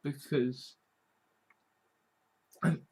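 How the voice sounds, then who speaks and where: A man from Britain, talking earnestly in a halting personal monologue, repeating words and swearing often. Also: dark tone, poor audio. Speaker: vlogger. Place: home.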